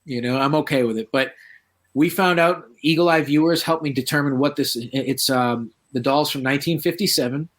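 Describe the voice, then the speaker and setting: A man's voice: medium pitch, normal speed. A man, a paranormal researcher, telling stories in a casual interview and acting out the voices of the people he quotes. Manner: animated, acts out quoted voices.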